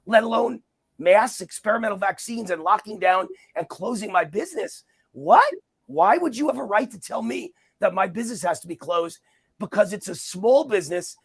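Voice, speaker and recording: Emphatic gravelly middle-aged man. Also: sits high. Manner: emphatic, combative, repeats points for emphasis. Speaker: interview guest, commentator. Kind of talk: heated political interview talk.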